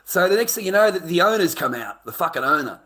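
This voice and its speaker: A brash middle-aged man with an Australian accent spins a rambling story, swearing constantly and laughing at his own lines. His voice is bright and edgy, sitting a little high for a man. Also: sing-song, fast talker. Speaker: vlogger. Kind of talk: casual storytelling monologue.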